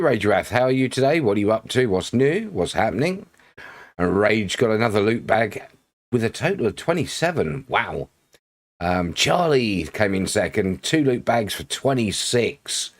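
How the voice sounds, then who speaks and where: A man's voice: fairly low pitch, sing-song, normal speed. A man from Britain chatting casually on a game live stream, rambling, laughing often and greeting viewers by name.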